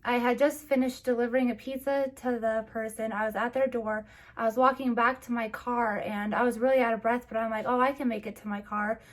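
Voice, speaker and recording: Young woman, slightly high voice, teary, halting, personal vlog story. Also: fairly even intonation. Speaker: vlogger.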